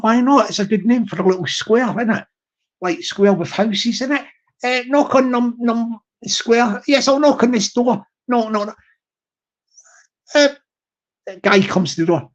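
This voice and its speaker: A man hosting a livestream, rambling through a comic monologue with halting starts and repeated phrases. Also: high-pitched. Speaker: livestream host. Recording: slightly muffled audio.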